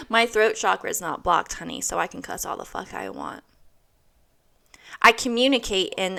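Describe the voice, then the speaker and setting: A woman in her thirties delivers a motivational monologue in a bright, forward voice. She is blunt and swears freely, driving each point home by repeating it. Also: mid-range voice, vocal fry. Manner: blunt, heavy swearing, emphatic repetition. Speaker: host.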